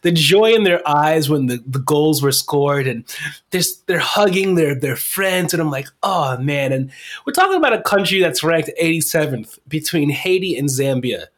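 A man with a slightly high voice hosts a loose, casual soccer podcast. He swears freely, laughs often and trips over hard names as he rambles through his story. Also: lively intonation, moderate pace, a little hiss or hum. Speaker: podcast host.

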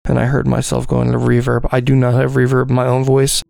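A man's voice: medium pitch, monotone, fairly quick, creaky, a little mellow, dry recording. A man hosting a podcast in casual joking chat, goofy, bossy and mock-grandiose. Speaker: podcast host. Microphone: dynamic mic.

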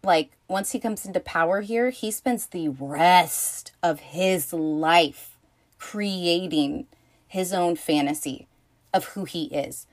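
A woman with a slightly low voice hosts a casual film-review podcast. She rambles, restarts her sentences and leans on fillers, with loose swearing and sudden bursts of excitement. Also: takes it slowly. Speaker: podcast host.

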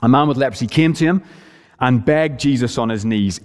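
A man's voice: mid-range voice, brisk. Earnest male preacher in a reverberant hall. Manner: earnest, emphatic, varies pace for stress. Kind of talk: sermon.

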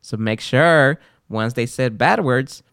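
A man's voice: mid-range voice, slow, smooth, no room sound, clean studio sound. A man hosting a podcast, telling stories in casual chat and laughing often. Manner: animated storyteller, laughs often. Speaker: podcast host.

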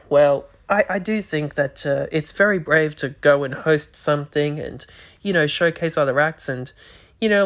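A podcast host talking alone into a microphone, rambling with many restarts and words that sometimes slur. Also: medium pitch. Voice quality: slightly slurred words. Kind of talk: solo podcast monologue.

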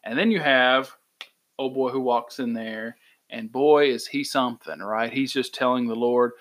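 A man's voice: medium pitch, moderate pace, fairly bright tone. A man in his thirties, co-hosting a casual faith podcast, who tells stories and acts out the quotes. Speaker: podcast co-host.

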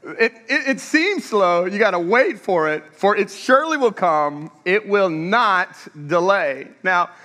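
A man's voice: high-pitched, big pitch swings, a little slow, bright, forceful tone. A man preaching a sermon as pastor, telling funny stories and throwing questions out to the congregation. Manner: humorous, storytelling, engages the audience with questions. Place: church sanctuary. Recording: echoey church hall.

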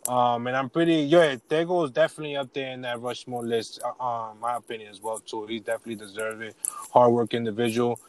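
A man's voice: mid-range voice, fast, no echo, poor audio. Man with a dry, close sound. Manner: relaxed, agreeing, uses slang. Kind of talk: casual chat.

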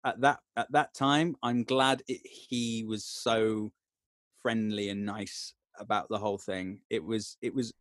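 A man's voice: fairly low pitch, fairly even intonation, unhurried, a bit bright, no echo, studio quality. A man, an actor and voice actor, talking in earnest, reflective casual conversation, often restarting his sentences. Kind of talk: casual chat.

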